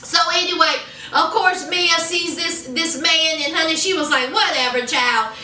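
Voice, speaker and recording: A woman's voice: very high-pitched, steady tone, normal speed, sharp tone, roomy sound, recorded from a distance, slight background noise, rough recording. A woman recapping a TV episode in a sassy, chatty way, calling her viewers honey and child. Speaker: TV episode reviewer. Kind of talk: casual TV recap.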